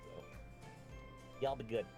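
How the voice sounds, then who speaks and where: A man's voice: slow pace, over music. A man from upstate New York chatting and joking casually as host of a live stream. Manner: joking, animated.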